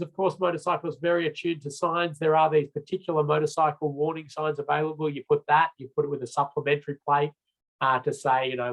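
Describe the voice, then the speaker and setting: A man's voice: on the high side, fairly bright tone, rough recording. Chatty Australian man giving a lecture. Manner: casual, chatty, with frequent fillers and restarts. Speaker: road safety trainer. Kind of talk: recorded training lecture.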